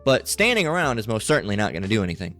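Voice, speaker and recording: A man's voice: fairly low pitch, very animated, racing, a bit bright, faint music behind. A man giving a rambling religious commentary monologue in a mocking tone, often checking in with "all right?".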